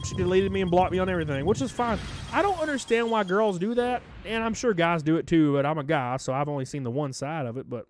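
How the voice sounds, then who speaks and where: A man's voice: high voice, no echo. A young man telling a dating story to his viewers in a casual, crude and brash way, full of fillers and asides. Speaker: vlogger.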